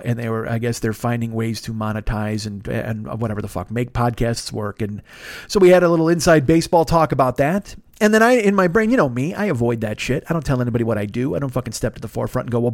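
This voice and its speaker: A man with a deep, radio-ready voice rattles through a casual solo podcast monologue at a quick clip. He swears freely, rambles, and slips into other people's voices as he tells his stories. The sound is dry and close, with no room around it. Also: darkish tone, dry recording. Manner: profane, rambling storyteller who acts out other people's voices. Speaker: podcast host.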